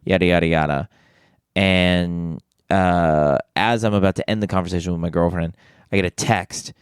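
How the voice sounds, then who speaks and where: A man's voice: sits low, fairly even intonation, normal speed, clean tone, no room sound, studio quality. A man co-hosting a podcast, telling a rambling story in casual chat with lots of restarts and fillers. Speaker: podcast co-host.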